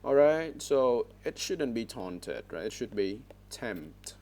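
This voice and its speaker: A man's voice: mid-range voice, big pitch swings, slow, a little mellow, a little hiss or hum. A man teaching an online English speaking class over a headset, correcting words and checking in with frequent "all right?" prompts. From Vietnam.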